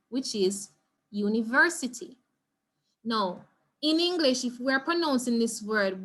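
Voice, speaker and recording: Over a video call, a Jamaican-accented woman teaches a Spanish revision class online, offering encouragement and repeating vocabulary for students to practice. Her voice is fairly high, bright, and forceful.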